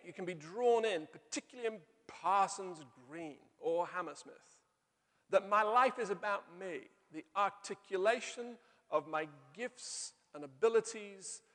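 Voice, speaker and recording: A middle-aged male pastor preaching a sermon, telling stories and slowing down to stress key phrases. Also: sits high, a bit bright. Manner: storytelling with slow emphatic pauses. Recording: long hall reverb.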